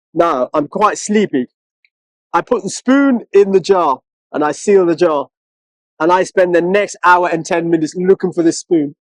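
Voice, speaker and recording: This is a high-pitched man, speaking in a dry, close recording. He talks as a co-host in a relaxed interview, telling lively stories and putting on mocking voices when he quotes people. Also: no echo, low-quality recording. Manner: animated storyteller who mimics other people in high mocking voices. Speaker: co-host, one of twin brothers. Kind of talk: casual conversational interview.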